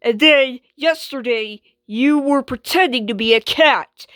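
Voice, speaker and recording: An exasperated, sensible washing machine, voiced by a woman, sighing and dry in her sarcasm, speaking slowly in a fairly high voice. The recording is close and dry. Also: fairly bright tone, no echo. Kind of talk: homemade skit voice acting.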